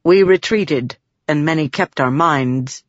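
A woman reading an audiobook voices a curious, literal-minded male spirit who talks slowly and flatly with musing hums. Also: sits low, dry recording. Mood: solemn. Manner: slow, flat and precise, with musing hums. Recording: dull lo-fi audiobook.

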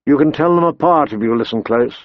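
A man voicing an earnest, protective teenage lordling who speaks low and gently. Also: a little fast, no echo, lightly acted. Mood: gentle. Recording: dull dry recording.

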